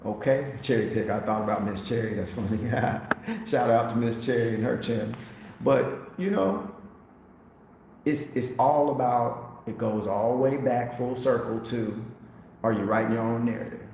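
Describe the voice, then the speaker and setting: A man's voice: mid-range voice, normal speed, a little hiss or hum. Man, livestream host, playful motivational monologue, echoey room, muffled lo-fi audio. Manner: animated, playful, preachy motivational talk with put-on voices. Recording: very echoey, dull lo-fi sound with faint ambience.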